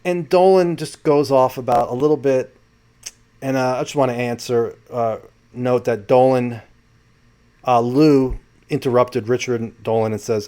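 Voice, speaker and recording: A man's voice: mid-range voice, fairly even intonation, a little slow, dark tone, smooth. Rambling male vlogger. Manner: rambling, frequent self-corrections. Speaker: channel host. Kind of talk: casual commentary vlog.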